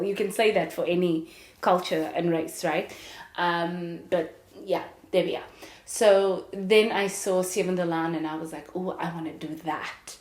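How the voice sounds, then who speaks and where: A woman's voice: on the low side, a little mellow, roomy sound. A young adult woman with a South African English accent, speaking candidly and reflectively in a casual monologue as a podcast host. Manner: candid, reflective, with frequent laughs and fillers.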